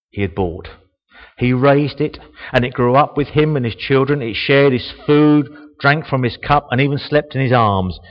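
A man giving a sermon, reading a Bible passage slowly and reflecting on it, growing louder on the quoted lines. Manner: slow, reflective, rises in pitch and volume on quoted speech. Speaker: preacher. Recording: dull, long reverb of a church hall.

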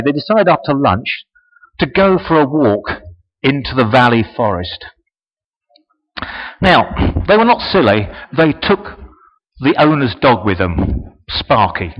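Lively man telling a story. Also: fairly high pitch. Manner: animated, chatty asides to the audience. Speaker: speaker at a presentation. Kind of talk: storytelling speech. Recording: dull lo-fi recording.

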